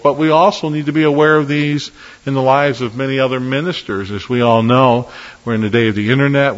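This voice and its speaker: A man's voice: mid-range voice, muffled recording. Man preaching in an echoey hall. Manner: earnest, emphatic preaching with measured pauses. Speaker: pastor. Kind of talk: sermon.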